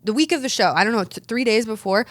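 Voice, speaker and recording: The pro wrestler and dentist, a woman in her thirties, is a guest answering casual interview questions in a slightly high, expressive voice at a quick pace. Her stories are chatty and upbeat, and she keeps restarting her sentences. There's no echo.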